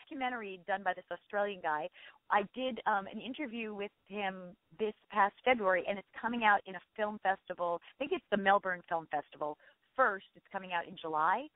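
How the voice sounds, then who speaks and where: A woman's voice: mid-range voice, no echo. A middle-aged actress chatting effusively as an interview guest, often restarting her sentences. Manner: effusive, chatty, quick self-corrections. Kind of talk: casual interview chat. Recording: dry tinny phone line.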